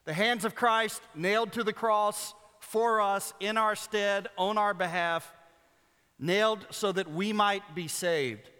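A man's voice: sits high, fairly even intonation, slow pace, pushed and bright, smooth. A man preaching a sermon in an earnest, rhythmic way, repeating phrases for emphasis. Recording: long hall reverb.

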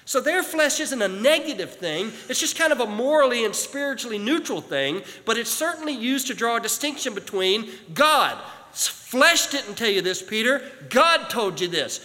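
A male preacher delivering a sermon. He slows down and drops low on key phrases. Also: big pitch swings, sharp tone. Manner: dramatic, slowing down and dropping low on key phrases. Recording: hall reverb.

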